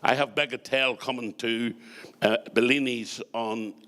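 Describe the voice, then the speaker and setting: A middle-aged man with a Northern Irish accent performs stand-up as comedian and compere, rattling off jokes with quick punchlines and chatty asides to the crowd. His mid-range voice is steady, bright and forceful.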